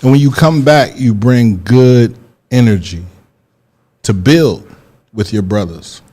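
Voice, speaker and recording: A man's voice: medium pitch, takes it slowly, dark tone. A man hosting a casual radio interview, emotional and choked up, talking in a heartfelt, rambling way. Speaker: radio show host.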